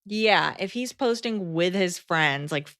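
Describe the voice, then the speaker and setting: A woman's voice: lowish voice, animated, slow, a bit bright, no room sound, studio quality. A woman co-hosting a podcast in casual chat, reading listener letters aloud. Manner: easygoing, reads letters aloud.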